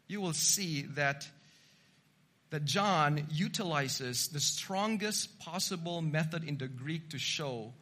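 A male preacher giving a teaching sermon at an unhurried pace. His voice sits high and sounds bright and forceful, and he hammers home key points with repeated, emphatic words. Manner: measured teaching delivery, rising to emphatic repetition. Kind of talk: expository sermon.

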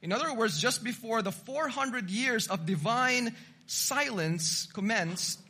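Slow, bright-voiced male preacher. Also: very high voice, lively intonation, husky. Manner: measured teaching delivery, rising to emphatic repetition. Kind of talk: expository sermon.

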